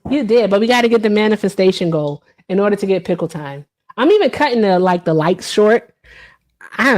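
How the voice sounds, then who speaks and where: A woman's voice: mid-range voice, a little mellow. A woman in her thirties chatting casually on a live stream, reading and answering viewer comments, with many fillers.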